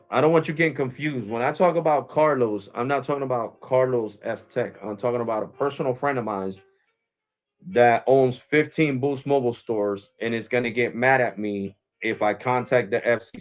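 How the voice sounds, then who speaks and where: A man's voice: mid-range voice, lo-fi sound. Exasperated American man, rambling on stream. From United States. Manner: exasperated, rambling, repeats himself. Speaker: live streamer. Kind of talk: casual live stream talk.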